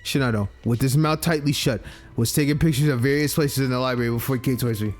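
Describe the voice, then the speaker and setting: A man's voice: medium pitch, quick pace, faint music behind. A man reading a visual novel aloud and reacting casually, with frequent swearing. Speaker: let's play gamer.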